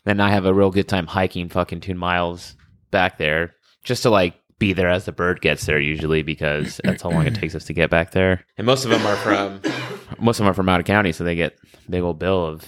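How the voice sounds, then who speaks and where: A man's voice: low-pitched, brisk, no room sound, clean studio sound. A young man, a paramedic, telling work stories in casual chat and acting out the voices of people in them. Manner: animated storytelling, acts out voices in quotes.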